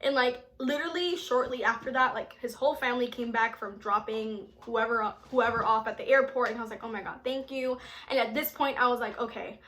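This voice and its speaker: Young woman vlogger, animated and chatty, bright, slightly high voice. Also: brisk, few pauses. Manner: animated, chatty, lots of filler "like". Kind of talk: storytime vlog.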